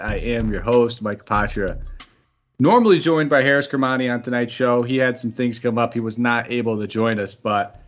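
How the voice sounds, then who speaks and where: A man's voice: medium pitch, moderate pace, highs cut off, soft background music. A man hosting a podcast, upbeat and chatty, running through sports analysis and sometimes tripping over names. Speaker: podcast host.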